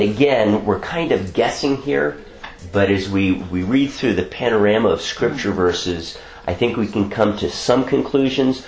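A man's voice: lowish voice, roomy sound, slight background noise. A man teaching a Bible class, talking through ideas and checking in with "okay?" often.

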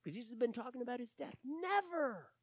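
A man delivers a sermon as an animated storyteller. His voice swings from loud emphasis down to near-whispers. The sound is dry and close, with no room around it. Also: extremely high pitch, a little fast, breathy edge, no echo. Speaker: preacher.

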